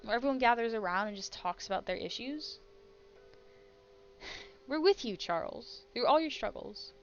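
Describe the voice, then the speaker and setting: Slow, chatty American woman streamer. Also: fairly high pitch. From United States. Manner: chatty, laughing often, jumping between topics. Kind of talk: casual game-playing commentary. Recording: slightly muffled stream mic.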